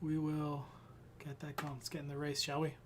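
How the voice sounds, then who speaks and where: With a slightly high voice and a completely flat delivery at moderate pace, this young Irishman talks over background noise. Tired and sweaty between sim races, he chats casually with his live-stream audience, rambling and self-deprecating while messing with his gear.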